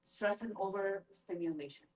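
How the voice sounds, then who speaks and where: A middle-aged woman presents a live workshop for parents in a lively, engaging way, often turning questions to her listeners. Her voice sits at an ordinary middle pitch. It is picked up from some distance from the microphone. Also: normal speed. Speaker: school family-engagement presenter. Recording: voice from a distance from the mic.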